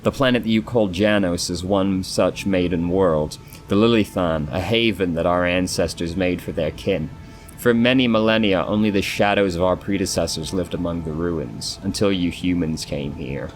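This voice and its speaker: Brief: man voicing a solemn female elf in a game let's play, measured and low-pitched. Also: soft background music, lightly acted. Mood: grave. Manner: solemn, measured reading with stumbles on names. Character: grave, sorrowful female elf of an ancient dying race. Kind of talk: reading game dialogue aloud.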